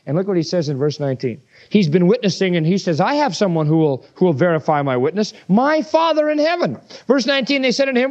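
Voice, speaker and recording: A male preacher with a high, lively voice that leaps up and down as he drives his points home. He preaches with emphasis and fires rhetorical questions at his listeners. The recording sounds dull and lo-fi. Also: fast talker, few pauses. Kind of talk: sermon.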